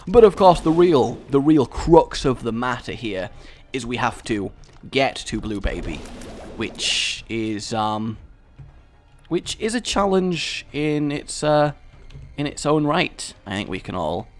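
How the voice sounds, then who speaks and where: A young man talks through his game in a chatty, self-deprecating way. His voice sits at a medium pitch but swings widely, jumping into excited bursts and then dropping back into low asides. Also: takes it slowly. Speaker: gaming video host. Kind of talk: casual let's-play commentary.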